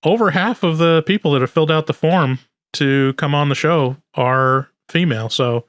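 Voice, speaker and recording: A man's voice: a little high, moderate pace, fairly bright tone, clear, resonant tone, no echo. Podcast host guy just hanging, um-ing a lot, dry close sound. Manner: loose, filler-heavy, joking. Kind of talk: casual podcast chat.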